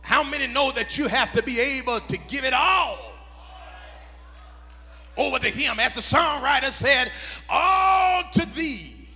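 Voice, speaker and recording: A pastor preaching a sermon to his congregation, swelling into a shouted, half-sung cadence. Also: unhurried, pauses often, long reverb tail. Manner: builds from low murmurs to shouted, half-sung whooping cadence. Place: church sanctuary.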